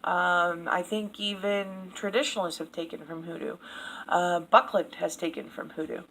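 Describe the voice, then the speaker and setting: A woman's voice: fairly low pitch, steady tone, moderate pace, fairly bright tone, rough recording. A woman vlogging a casual opinion rant to camera, blunt and profane, laughing at her own jokes. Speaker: video blogger.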